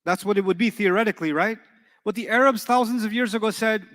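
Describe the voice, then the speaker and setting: A man's voice: sits high, fast talker, a bit bright. A man teaching an Arabic class in a conversational, encouraging way, often asking his students questions. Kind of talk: classroom lecture. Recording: long hall reverb.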